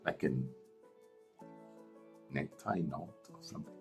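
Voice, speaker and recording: A man voicing a lively young woman artist in a high, excited squeal. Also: measured pace, faint music behind. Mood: incredulous.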